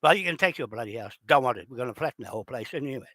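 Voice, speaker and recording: A man's voice: medium pitch, animated, racing, bright, forceful tone, no echo. A man with a New Zealand accent delivering an angry, profane monologue straight at his opponents. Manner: heated, profane, addresses opponents directly. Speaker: video channel host.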